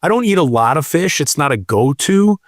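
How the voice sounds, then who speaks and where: A man's voice: on the high side, sing-song, normal speed, no echo, studio quality. A man co-hosting a podcast, teasing and easygoing in casual chat. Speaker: podcast co-host.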